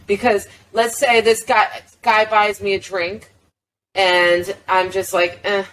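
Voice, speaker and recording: A woman's voice: medium pitch, flat delivery, slow, fairly bright tone, low-quality recording. A middle-aged woman hosting a podcast, chatting casually and telling stories about her own life. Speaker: podcast host. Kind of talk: casual chat. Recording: faint background noise.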